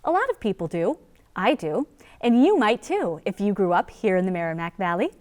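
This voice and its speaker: A woman's voice: medium pitch, very animated, moderate pace, darkish tone. A woman from Connecticut hosting a local news magazine show, upbeat and playful. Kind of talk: light local news presenting.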